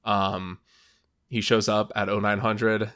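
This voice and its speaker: A young man with a fairly low voice casually walks through a movie plot on a podcast. His talk rambles, full of fillers, and he acts out bits of dialogue. He sounds relaxed and chatty. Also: slow pace. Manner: rambling, filler-heavy recap with quoted voices. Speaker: podcast co-host. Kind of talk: casual movie recap chat.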